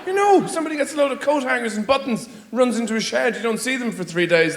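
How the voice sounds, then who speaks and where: A man's voice: very high voice, lively intonation, quick pace, few pauses, fairly bright tone, roomy sound, slight background noise. An Irish man from Ireland doing a stand-up routine on a theater stage, rambling with sardonic, mock-exasperated asides. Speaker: stand-up comedian.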